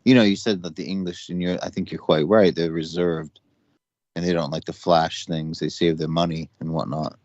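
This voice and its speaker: A man with a very deep voice drifts through a casual chat, full of "you know" and restarts. His audio is dry and a little dull, like an online call. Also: steady tone, normal speed, a little mellow, no room sound. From United States. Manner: rambling, many fillers and restarts.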